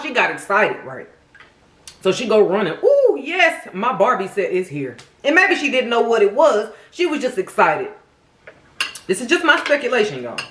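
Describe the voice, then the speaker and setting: Lively sassy woman vlogger. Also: medium pitch, echoey room. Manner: animated, sassy, talks straight to viewers. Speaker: mukbang host. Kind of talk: casual true-crime storytelling while eating.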